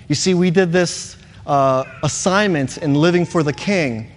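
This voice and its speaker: A man's voice: on the high side, unhurried, in a large hall. A male pastor preaching a sermon in an earnest, emphatic way, repeating key words.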